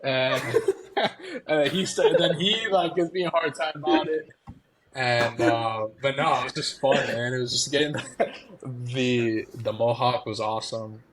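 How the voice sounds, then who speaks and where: A young man, a former college ballplayer, telling stories as a podcast guest in a casual, animated way, laughing often and acting out quotes. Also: mid-range voice, measured pace, a crowd in the background. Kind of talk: casual storytelling.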